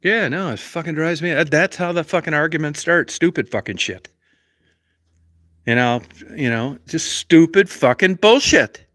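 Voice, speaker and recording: A man's voice: a little high, moderate pace, pushed and bright, no echo, clean studio sound. A man hosting a livestream, telling a story as a profane, rambling, argumentative rant full of constant swearing. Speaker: livestream host.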